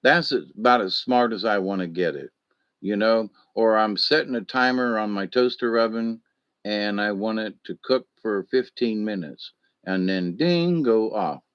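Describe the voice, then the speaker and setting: A man's voice: lowish voice, normal speed, a bit bright, no echo, muffled recording. A man hosting a casual solo live stream who rambles, swears freely, answers chat comments and acts out anecdotes with sound effects.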